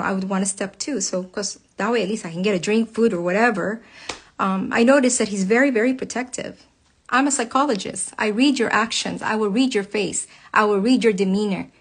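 Angry hurt woman venting to followers. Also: on the high side. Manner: angry, hurt, emphatic with repeated phrases. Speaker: psychologist. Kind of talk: emotional personal account to followers.

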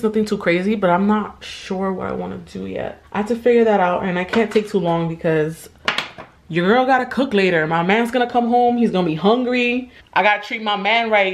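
A woman's voice: mid-range voice, slight background noise. A young woman vlogging in a chatty, casual way, with slang and frequent laughs. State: stuffy nose. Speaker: beauty vlogger. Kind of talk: casual vlog narration.

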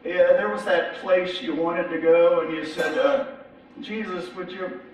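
A man's voice: high-pitched, steady tone, measured pace, dull audio. A middle-aged man preaching a sermon as pastor, talking conversationally and often repeating his words as he restarts. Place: large church sanctuary. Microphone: distant from the mic. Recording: echoey church hall from far off.

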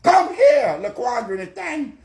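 An actor playing an older Southern granddad with a Gullah Geechee accent, rambling and stammering through comedy stories. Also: male voice, very high voice, big pitch swings, measured pace, darkish tone, reverberant, slight background noise, exaggerated voice.

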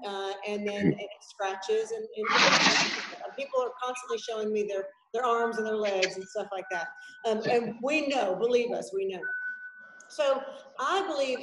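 A woman dog trainer teaching an online class in a chatty, animated way, talking over a video call. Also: medium pitch, echoey room, low-quality recording. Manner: chatty and animated, acts out puppies and dramatic yelps. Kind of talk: informal online class lecture. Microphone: video call microphone.

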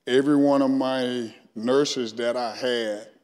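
A middle-aged Alabama man with a Southern accent gives his testimony as a guest speaker at a church sermon, acting out his own past dialogue. His mid-range voice is slow, a little mellow, with fairly even intonation, and the sanctuary adds long reverb.

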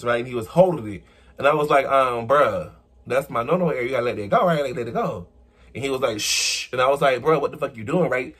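A young man's husky, slightly bright voice carries his casual vlog chat as he fields viewer questions and tells stories, punctuated by sudden high squeals and low murmurs.

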